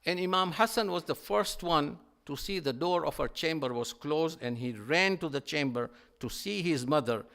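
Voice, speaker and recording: A man's voice: on the high side, animated, moderate pace, creaky, hardly any pauses, a bit bright. A male preacher giving a mourning sermon, telling the story with passion and often repeating phrases.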